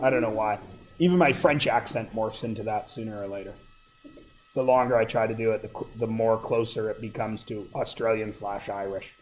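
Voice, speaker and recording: A man's voice: fairly low pitch, steady tone, a little fast, a little hiss or hum, rough recording. A middle-aged man teaching math to a class, with a sore throat, asking the students question after question. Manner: questioning, prompts students for answers. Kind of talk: classroom lecture.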